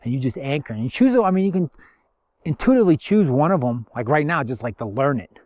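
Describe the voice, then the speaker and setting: A man's voice: on the high side, animated, fast, darkish tone, no room sound. A man giving a casual spiritual talk, rambling with many fillers and repeating affirmations. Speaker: spiritual teacher.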